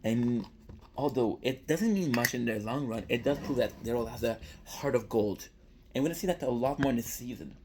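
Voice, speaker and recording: A man's voice: mid-range voice, brisk, slight background noise. A young man giving a casual, rambling recap of a TV episode, swearing freely and often restarting his sentences. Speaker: show reviewer.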